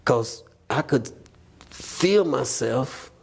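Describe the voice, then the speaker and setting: A man's voice: medium pitch, expressive, drawn-out words, vocal fry, slightly rough. A man as a podcast guest, telling his faith testimony in an earnest, reflective, conversational way and acting out what people said. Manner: earnest, reflective, retells scenes by voicing people.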